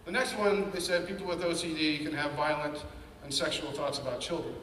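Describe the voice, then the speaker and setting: In this personal testimony, a man shares his story candidly and earnestly, quoting the anxious inner voices he hears. His voice is fairly high and fairly bright, steady and brisk. The mic sits far from him in an echoey hall, so a long reverb and a faint hum surround each word.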